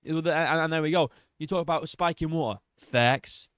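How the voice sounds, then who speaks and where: A man's voice: on the high side, normal speed, fairly bright tone, slight background noise. A man giving a mocking, profanity-laced reaction commentary on a video clip. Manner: mocking, sarcastic, swears freely, laughs at the clip.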